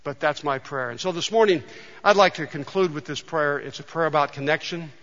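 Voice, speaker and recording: A male pastor preaching a sermon in a conversational, storytelling way, often dropping soft and quiet. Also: a little high, a little fast. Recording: dull sound with long hall reverb.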